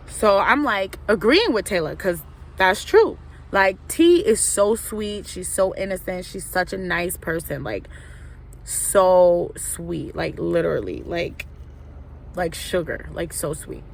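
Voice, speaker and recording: A woman's voice: fairly low pitch, expressive, slow, vocal fry, slight background noise. A young woman telling a storytime vlog in a rambling, casual way, full of fillers and asides. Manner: rambling, filler-heavy, lots of "like" and "right?". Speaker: vlogger.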